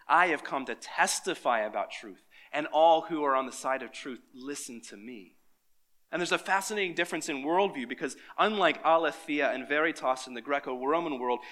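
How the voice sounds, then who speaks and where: A man's voice: on the high side, fairly bright tone. A pastor giving a sermon to his congregation, reading scripture and quizzing his listeners in an engaging way.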